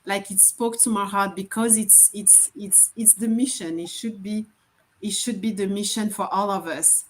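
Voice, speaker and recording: Talking at normal speed with a steady, medium-pitched voice, a parent at an online summit shares her views earnestly during a casual panel video call. She speaks English as a second language and frequently repeats words along the way.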